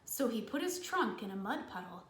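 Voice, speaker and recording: A woman librarian reading a story aloud to children, with an animated manner and questions for her young listeners. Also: medium pitch, normal speed. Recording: echoey room.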